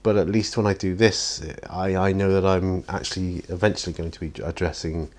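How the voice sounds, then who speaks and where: A man's voice: low voice, level tone, fairly quick. A man chatting casually while painting miniatures in his home studio, rambling and self-deprecating, tired and yawning often. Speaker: hobby painting vlogger.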